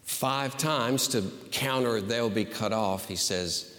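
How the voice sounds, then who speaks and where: A man's voice: medium pitch, a bit bright, big-room sound. A man preaching a sermon as pastor, earnest and emphatic in his delivery. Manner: earnest, emphatic, slow and deliberate.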